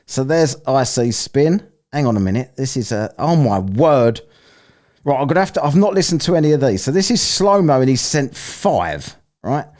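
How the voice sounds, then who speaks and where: A man's voice: medium pitch, sing-song, normal speed, a little mellow. A man hosting a casual live-stream, rambling, swearing and laughing as he plays listener clips. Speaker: streamer hosting a soundbite contest.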